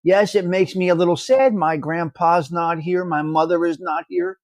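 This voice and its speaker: A male livestream host chats casually with viewers, animatedly greeting them by name, reading out their comments, and teasing those who argue with him. His voice is high for a man and he talks at normal speed. The sound is dry and close, with no echo or room around it.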